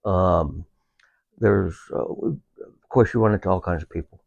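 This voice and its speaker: A man speaking as a veteran guest in a casual conversation about his service dog, pausing often with fillers as he talks. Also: low-pitched, creaky, a little mellow, dry recording, lo-fi sound. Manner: halting, unhurried, with many filler pauses.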